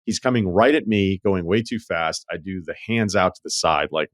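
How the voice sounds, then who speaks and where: A man's voice: low-pitched, normal speed, dry recording, studio quality. A man hosting a podcast, telling stories in a wry, profane, casual way. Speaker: podcast host. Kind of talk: casual chat.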